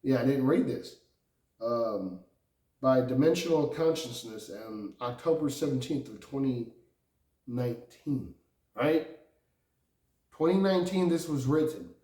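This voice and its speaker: A man's voice: on the high side, animated, unhurried. Rambling profane man in an echoey room. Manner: meandering, profane, laughs often, bursts into loud outbursts. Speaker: vlogger. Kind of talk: rambling personal monologue. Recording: echoey room, distant from mic.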